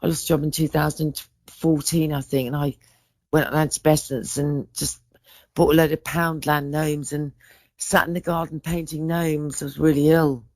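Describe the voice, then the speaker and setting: A woman's voice: low-pitched, flat delivery, moderate pace, darkish tone, no room sound. A woman in her forties, a podcast guest in casual chat, telling stories in a rambling way, breaking off and restarting her sentences. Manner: rambling, self-interrupting storyteller.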